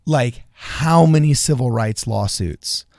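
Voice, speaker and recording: A man's voice: medium pitch, takes it slowly, gravelly, a little mellow, no room sound, studio quality. A man co-hosting a political podcast, talking earnestly in a casual way, often restarting and repeating phrases, with bursts of laughter. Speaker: co-host.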